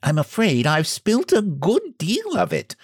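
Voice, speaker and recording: A nervous society hostess, strained and apologetic, as a man puts her on. Her voice is pitched a little higher and is held taut. The recording is close and dry. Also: huge pitch swings, unhurried, creaky, husky, no echo, full character voice. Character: nervous upper-class hostess.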